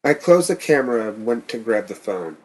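A man reading a first-person horror story in a tense, steady manner. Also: mid-range voice, fairly quick. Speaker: narrator.

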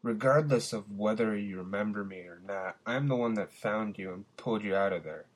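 A man's voice: lowish voice, lightly acted. A man voicing a cocky, foul-mouthed male friend who chain-smokes, talking in brash, profane bursts. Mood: calm, reasoning. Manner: brash and profane, with quick outbursts.

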